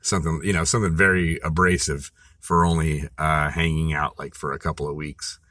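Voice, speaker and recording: Man, deep low voice, bright forceful tone, rambling profane storytelling, casual vlog, dry close recording. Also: flat delivery, a little fast, dry recording.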